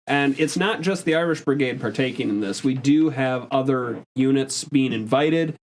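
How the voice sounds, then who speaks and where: A man on a history podcast reads period accounts aloud in a relaxed, conversational way. His voice sits at a middle pitch, and he trips over the odd word before carrying on with an easy laugh. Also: normal speed, a little hiss or hum. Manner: reads old texts aloud, stumbles on words, laughs along. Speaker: podcast host presenting history. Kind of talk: casual chat, reading historical accounts aloud.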